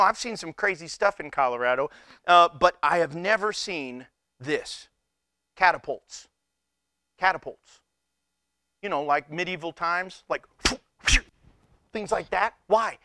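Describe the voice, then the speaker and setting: A man's voice: fairly high pitch, clear, resonant tone, no echo, studio quality. A man preaching a humorous sermon, telling stories with frequent laughter and incredulous exclamations. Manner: animated storytelling with frequent laughter. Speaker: pastor.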